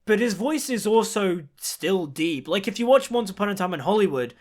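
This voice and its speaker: A man's voice: high voice, lively intonation, moderate pace. A man giving a chatty, enthusiastic film review in a casual video.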